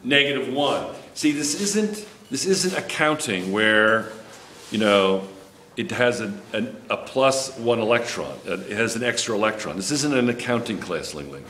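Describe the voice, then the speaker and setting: Lecturing at a moderate pace, this chemistry teacher has an animated, medium-pitched, somewhat bright voice and likes to tease his students with jokes. The recording picks up an echoey classroom and faint background noise.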